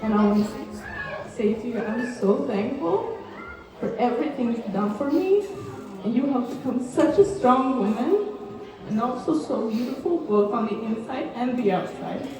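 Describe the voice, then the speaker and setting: A woman's voice: fairly high pitch, lively intonation, a little slow, mellow. A young woman giving a nervous, tearful birthday speech for her cousin, laughing between words. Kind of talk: emotional birthday toast. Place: large hall at a party. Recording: echoey hall, mic far off, crowd noise. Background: party crowd.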